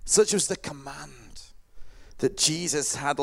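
A man preaching a sermon, telling the story dramatically and swinging from loud calls to hushed words. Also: mid-range voice, measured pace, vocal fry. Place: hall or church with a microphone.

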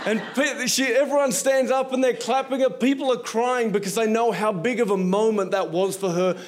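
Animated preacher, high voice. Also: male voice, moderate pace. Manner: animated storyteller acting out quoted voices. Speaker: guest preacher. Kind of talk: storytelling sermon.

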